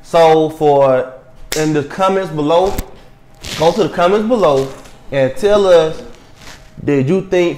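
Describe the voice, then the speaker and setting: A man's voice: on the high side, unhurried, pauses often, a little mellow, low-quality recording. A man co-hosting a casual chat, teasing his friend and wrapping up the episode. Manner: teasing, wraps up the show. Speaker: co-host.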